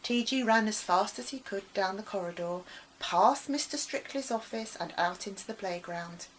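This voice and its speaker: A woman author reading her children's adventure story aloud with expressive, dramatic storytelling. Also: medium pitch, normal speed, poor audio.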